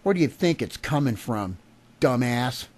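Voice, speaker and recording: A man's voice: mid-range voice, normal speed, darkish tone. A man delivering an angry, profane political rant to camera, agitated and furious. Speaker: vlogger.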